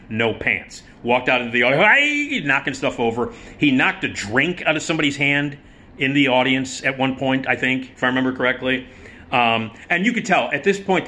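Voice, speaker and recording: A middle-aged man telling a theater anecdote in a casual, profane, animated style. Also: mid-range voice. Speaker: vlogger and storyteller.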